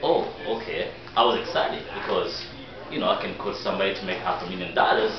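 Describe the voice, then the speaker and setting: A man, a life coach, telling a personal story in a lively, animated way to an audience. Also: low-pitched, a little fast, a crowd in the background. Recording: echoey room, distant dull mic.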